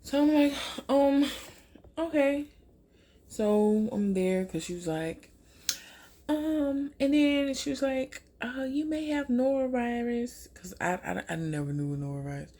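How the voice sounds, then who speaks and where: A young woman from Louisiana chats through a storytime while doing her makeup at home. Her voice is mellow and husky with a gravelly edge. She goes high and animated when she quotes people. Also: unhurried. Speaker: vlogger.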